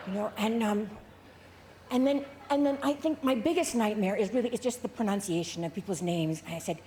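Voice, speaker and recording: A woman's voice: mid-range voice, normal speed, pauses often, warm tone, a little hiss or hum. A middle-aged woman presenting an award on stage, telling a rambling comic story full of fillers and restarts. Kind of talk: comic onstage anecdote. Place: large ballroom on stage.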